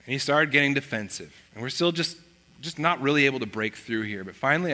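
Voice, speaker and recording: A man's voice: mid-range voice, expressive, fast talker, bright, forceful tone. A man preaching a sermon as pastor, telling stories in a conversational way and acting out bits of family dialogue. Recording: long reverb of a large hall.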